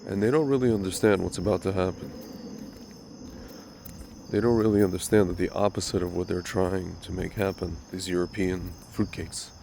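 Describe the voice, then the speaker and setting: A man's voice: sits low, fairly even intonation, normal speed, vocal fry, mellow, slight background noise. A man hosting a casual commentary monologue who talks straight to his viewers in a rambling, opinionated way, his voice slightly nasal from a recent cold. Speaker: religious commentary host.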